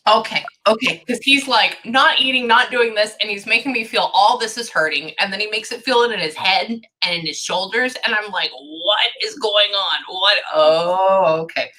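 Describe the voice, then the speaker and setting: A woman's voice: medium pitch, moderate pace, few pauses, sharp tone. A woman giving a psychic reading to a client, thinking aloud and stopping herself with "hang on" over and over. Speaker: psychic medium.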